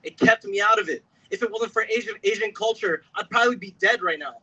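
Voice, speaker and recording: A young man giving an emotional speech at an outdoor protest, building from steady storytelling to shouting. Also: high voice, quick pace, hardly any pauses, lo-fi sound. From Pennsylvania. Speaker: protest speaker. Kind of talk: impassioned rally speech.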